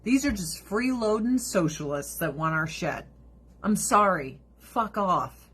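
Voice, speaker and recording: A woman's voice: mid-range voice, expressive, slow pace, a bit bright, breathy edge. A woman chatting casually to camera in a blunt, profane way. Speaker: vlogger. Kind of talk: casual chat.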